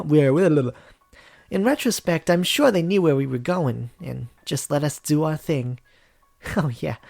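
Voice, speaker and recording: A man's voice: fairly high pitch, vocal fry, darkish tone. A man voicing an earnest young man, heir to a crime family, recalling childhood in a visual novel reading. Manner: earnest storytelling.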